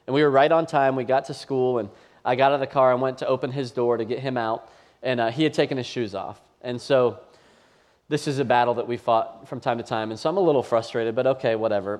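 A man's voice: medium pitch, steady tone, quick pace, darkish tone. Conversational storytelling pastor, a man. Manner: conversational storytelling, self-deprecating. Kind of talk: sermon. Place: church campus before a live audience.

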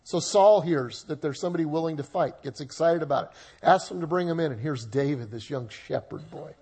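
A man's voice: a little high, brisk, gravelly, a little mellow, slightly rough. A male pastor preaching a sermon in a conversational way with humorous asides.

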